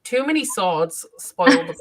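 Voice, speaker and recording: A woman's voice: lowish voice, sing-song, a little slow, rough recording. A woman co-hosting a casual book club chat, blunt and sweary, laughing often.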